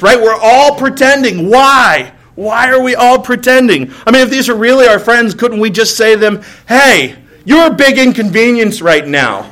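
Preaching in a church, the pastor has an extremely high, bright voice with a forceful edge. His sermon is built on humorous stories with acted-out lines, and he repeatedly turns to the crowd with "right?"

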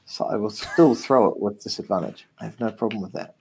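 Male player, lower voice, tentative, thinks aloud. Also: fairly quick, vocal fry, noisy background. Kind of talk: casual tabletop play.

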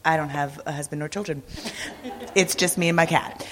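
A woman who has lost her voice, speaking hoarse and raspy in a chatty church presentation about a mission trip, often laughing. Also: fairly low pitch, brisk, fairly bright tone. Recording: echoey hall.

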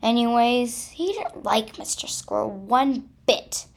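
A woman reading a children's story aloud and closing her channel video, with expressive, dramatic delivery. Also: a little high, takes it slowly, gravelly.

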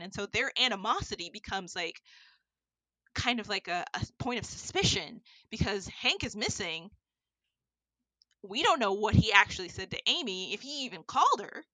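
A woman in casual chat, retelling a film plot in an animated way with lots of fillers. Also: mid-range voice, moderate pace, no echo, rough recording. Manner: animated storytelling, many fillers.

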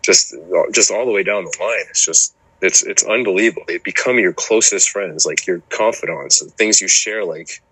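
Podcast guest: low-pitched man, husky, dry recording, loose rambling talk. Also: normal speed, few pauses, sharp tone, dry recording, low-quality recording. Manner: rambling, full of "you know" and restarts. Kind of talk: casual chat.

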